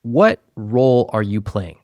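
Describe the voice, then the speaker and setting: A man hosting a personal finance interview, asking calm, probing questions of a couple. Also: fairly low pitch, a little slow, dry recording. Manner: calm, probing questions, quotes others' words back. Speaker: host, financial advisor.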